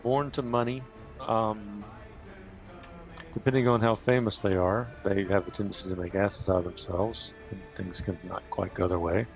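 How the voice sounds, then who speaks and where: A man chatting casually on a gaming stream, laid-back and quick to laugh, thinking aloud as he talks. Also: lowish voice, little pitch movement, faint music behind. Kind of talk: casual chat.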